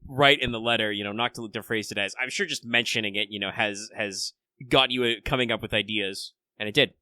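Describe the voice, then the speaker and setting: A man co-hosting a podcast and running a tabletop game, talking casually but haltingly as he hunts for words. His tone is bright and clear, and the recording is close and dry with no room sound. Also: fairly low pitch, dry recording. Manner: halting and searching for words, many repeated starts. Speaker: podcast co-host and game master. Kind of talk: casual chat.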